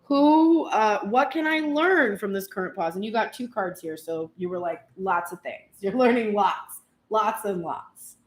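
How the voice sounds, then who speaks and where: A woman's voice: mid-range voice, expressive, unhurried, reverberant. A woman giving a casual tarot reading, chatty and self-mocking, swearing freely and acting out what people say. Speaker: tarot reader.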